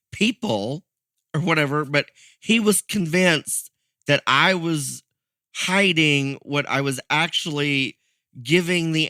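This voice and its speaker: A man telling a story on a podcast in a relaxed, chatty way, often laughing and playing out the other people's lines. His voice is bright and sits a little high, swinging up and down a lot. The sound is close and dry, with no room. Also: no room sound. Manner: animated, laughing, acts out quoted voices. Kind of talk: casual storytelling chat.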